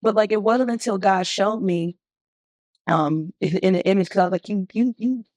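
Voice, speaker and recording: Animated woman telling her story. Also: mid-range voice, normal speed, dry recording. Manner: animated, expressive storytelling with emphatic bursts. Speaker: guest, singer. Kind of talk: candid conversation.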